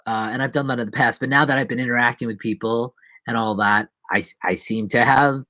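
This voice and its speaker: A man's voice: mid-range voice, fairly even intonation, fast, pushed and bright, no room sound. Rambling man chatting on a live stream. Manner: rambling, self-mocking, many restarts and asides. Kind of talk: casual live-stream chat.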